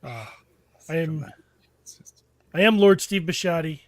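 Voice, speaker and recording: Brief: male host, high voice, dry close sound, playful banter. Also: expressive, a little slow, no room sound. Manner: joking, playful. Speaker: podcast host. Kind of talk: casual chat.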